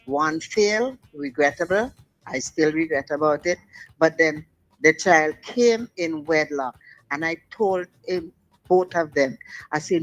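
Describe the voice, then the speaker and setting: An older woman calling in to a radio talk show, giving forceful, preachy advice over the phone. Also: sits low, a little slow, low-quality recording. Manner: forceful, preachy advice with local dialect grammar. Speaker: caller.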